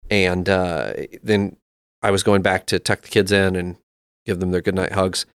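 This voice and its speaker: Brief: man in his thirties, low voice, dry close mic, reflective storytelling tone for a faith chat. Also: flat delivery, moderate pace, clean tone, dry recording. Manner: reflective storytelling, with frequent restarts. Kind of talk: casual conversation about faith.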